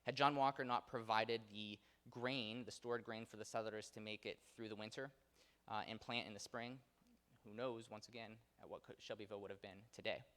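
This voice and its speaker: Low-voiced man lecturing in a hall. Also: steady tone, brisk, fairly bright tone. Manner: conversational with frequent fillers and self-corrections. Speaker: local history lecturer. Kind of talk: public history lecture. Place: theater auditorium. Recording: long hall reverb.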